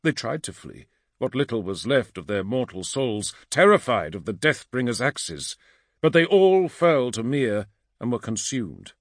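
Man reading dark fantasy in a dry voice. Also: sing-song, dry recording. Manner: low, dramatic, measured reading. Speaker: narrator. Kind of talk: audiobook fantasy narration.

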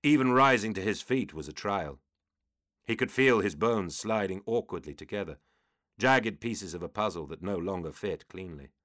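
Brief: very deep male narrator, steady scripted reading, dry close studio sound. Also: normal speed, dry recording. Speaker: audiobook narrator.

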